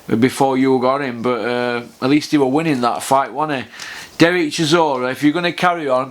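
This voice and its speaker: A man's voice: medium pitch, fairly bright tone, a little hiss or hum. A man, ranting bluntly to camera about boxing and swearing freely on a casual vlog. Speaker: boxing vlogger.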